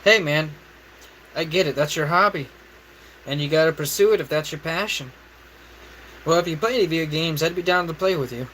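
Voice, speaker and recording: A man's voice: a little high, a little fast, long pauses, a bit bright, a little hiss or hum, low-quality recording. Brash profane man roasting his chat. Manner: brash, profane, mocking insults. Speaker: livestream host. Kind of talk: crude roasting of chat on a cooking livestream.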